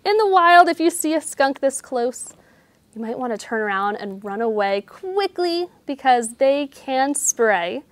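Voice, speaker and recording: A woman nature educator reading a picture book aloud and teaching children about animals, speaking gently. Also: high voice, lively intonation, measured pace, no echo.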